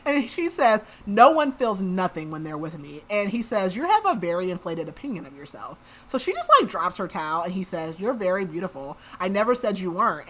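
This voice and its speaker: A woman with a bright, forward voice talks through a book's plot on her podcast. Her delivery is loose and conversational, packed with "like" and quick asides. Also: lowish voice. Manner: chatty, says "like" a lot. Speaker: podcast host. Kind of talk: casual book recap.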